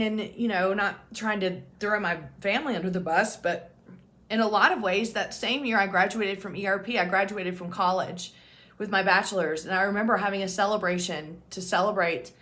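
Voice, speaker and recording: With a mid-range, fairly bright voice, a woman speaks directly to the camera, openly recounting her own experiences as an OCD peer support specialist who hosts her own channel. She's frank and casual, swearing freely and giving little self-mocking laughs as she goes.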